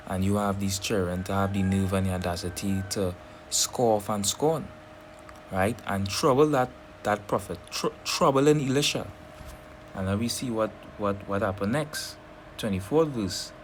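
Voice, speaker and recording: A man teaching a scripture lesson who keeps checking in with "right?" and reads verses slowly and deliberately. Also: fairly low pitch, a little hiss or hum. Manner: keeps asking "right?" between points. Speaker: preacher.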